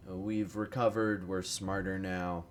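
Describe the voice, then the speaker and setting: A man with a low voice and little pitch movement talks slowly while playing a strategy game, offering rambling, profane, self-deprecating commentary. Tired and uncaffeinated this morning, he fumbles for words. Slight background noise is audible.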